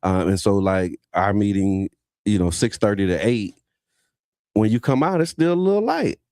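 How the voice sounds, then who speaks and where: A man's voice: fairly low pitch, expressive, darkish tone, no room sound, studio quality. Chatty middle-aged man. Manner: chatty, halting, quick restarts. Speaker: radio co-host. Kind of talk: casual radio talk. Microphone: studio mic.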